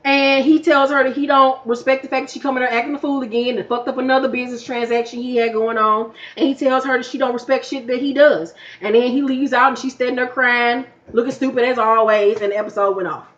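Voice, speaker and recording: A woman recapping a reality TV episode in a blunt, profane, animated way, her voice getting worn from talking all afternoon. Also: a little high, fast, hardly any pauses, dull audio. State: losing her voice. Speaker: YouTube reviewer. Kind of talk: casual TV recap.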